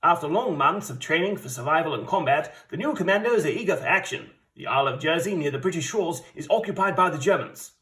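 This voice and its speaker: A man's voice: a little high, animated, quick pace, hardly any pauses, pushed and bright. A man from the UK voicing an announcer who reads a 1940s wartime mission briefing in a formal, declaiming manner. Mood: stirring. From United Kingdom.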